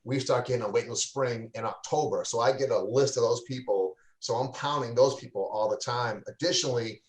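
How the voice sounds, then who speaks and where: A man's voice: mid-range voice, fairly quick. A man, a real estate coach, talking casually on a livestream interview over a video call, loose and full of fillers and restarts. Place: indoors, home in a cold city. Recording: echoey room.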